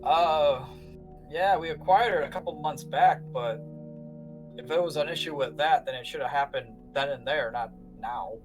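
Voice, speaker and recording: A man's voice: fairly high pitch, moderate pace, music in the background, close to an everyday voice. A man voicing a weary middle-aged power company manager who talks bluntly and sounds exasperated.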